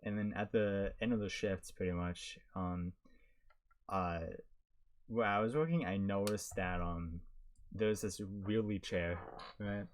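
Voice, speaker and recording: Young male co-host, lowish voice, loose rambling storyteller. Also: steady tone, unhurried, a little hiss or hum. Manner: rambling, laughs often, many fillers. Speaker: podcast co-host. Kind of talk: casual chat.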